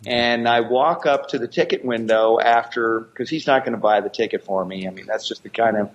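Speaking fairly quickly in a medium pitch, this American martial arts actor spins meandering stories as an interview guest, frequently starting over. The audio sounds dull.

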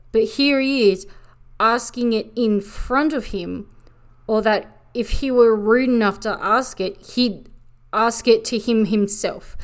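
Woman, sarcastic, swears freely, comedic review, a bit high-pitched. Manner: sarcastic, profane, mocks characters with quick put-on lines. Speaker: anime reviewer. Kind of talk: comedic recap commentary.

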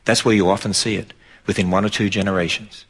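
A man's voice: lowish voice, flat delivery, fast talker, a bit bright, breathy edge. A middle-aged man with an Australian accent preaching to an audience in an emphatic, driving way. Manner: emphatic, rises sharply for mocking quotes. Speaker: Christian speaker.

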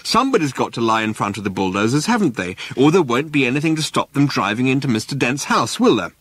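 A man voicing a cunning, patient male character who talks an official into things, smooth and persuasive. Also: mid-range voice, sing-song, fast talker, fairly bright tone, no echo, voice pushed up.

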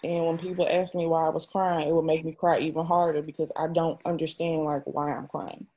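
A woman's voice: sits low, flat delivery, brisk, warm tone. A young adult woman, an interview guest, telling a personal story in a raw, emotional and frank way, often swearing.

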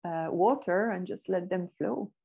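A woman's voice: on the low side, vocal fry, dark tone, slightly rough. A woman hosting a podcast, talking in a thoughtful, reflective way in casual conversation. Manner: thoughtful and reflective, speaking slowly at times. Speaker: podcast host.

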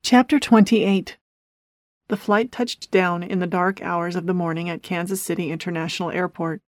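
A man narrating an audiobook novel in a steady, measured storytelling voice. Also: high voice, dry recording, studio quality. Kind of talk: scripted narration.

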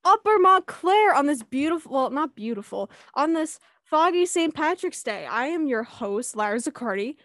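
Upbeat woman host, high bright voice, playful banter, dry close studio mic. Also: big pitch swings, moderate pace, few pauses, dry recording. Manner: bubbly, jokey, laughs easily. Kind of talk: college radio banter. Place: radio studio.

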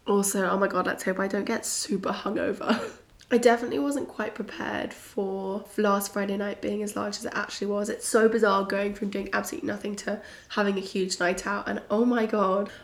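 Giggly British woman, slightly croaky. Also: mid-range voice. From Britain. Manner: bubbly, giggly, chatty. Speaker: podcast host. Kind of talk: casual solo podcast chat. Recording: roomy echo.

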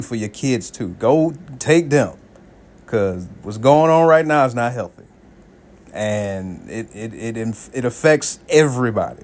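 A man, likely in his thirties, hosting a solo podcast, telling casual stories with lots of swearing and laughter. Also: medium pitch. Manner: animated storytelling, swears freely, laughs often, voices friends in quotes. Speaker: podcast host.

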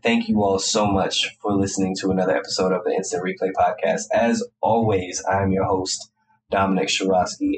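Deep-voiced congested man hosting a podcast. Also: background noise. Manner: casual, opinionated, rambling. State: congested, nasal. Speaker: podcast host. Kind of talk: solo sports podcast talk.

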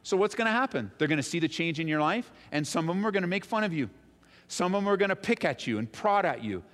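A man preaching a sermon, animated and quick in his stories, softer and lower when reading scripture aloud. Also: big-room sound. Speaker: pastor.

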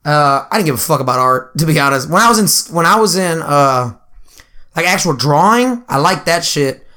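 A young man chats in a slightly high, bright voice. He sounds laid-back, laughs often and curses casually. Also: lively intonation, moderate pace. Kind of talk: casual chat.

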